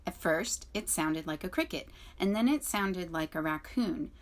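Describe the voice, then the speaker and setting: A woman's voice: fairly low pitch, expressive, measured pace. A woman voicing a pompous male owl who announces news to a crowd of animals, reading a children's book aloud. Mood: announcing. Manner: raised, announcing, screeches when alarmed. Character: pompous male owl, alarmed town crier.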